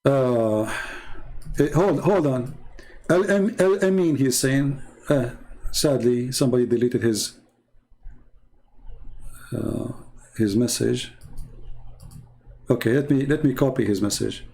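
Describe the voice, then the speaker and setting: A man's voice: mid-range voice, slow pace, pauses often, mellow, rough recording. A man hosting a live-stream debate, reading out viewer comments and answering them in mocking, confrontational non-native English, firing rhetorical questions.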